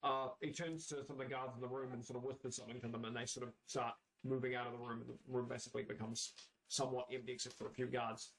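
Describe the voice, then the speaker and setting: A man with a New Zealand accent narrating a tabletop game as game master, halting and restarting often. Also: mid-range voice, flat delivery, vocal fry, rough recording. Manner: halting, many restarts and fillers.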